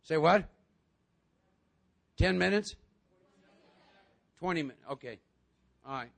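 A man speaking to a recovery group, animated and joking, acting out other voices as he talks. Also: a little high, slow, creaky. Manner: animated, acts out voices, jokes with the room.

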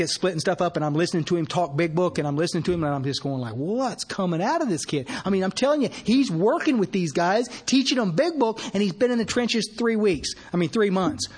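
A man's voice: high voice, husky. A man telling a folksy story from his time as a sponsor, with many restarts, acting out bits of dialogue at a recovery meeting. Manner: acts out quoted dialogue.

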